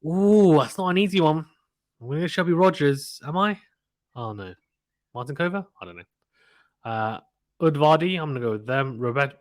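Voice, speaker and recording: A man's voice: mid-range voice, no room sound, studio quality. A man hosting a tennis channel, casually going through a draw and making predictions in an offhand, self-deprecating way, thinking aloud.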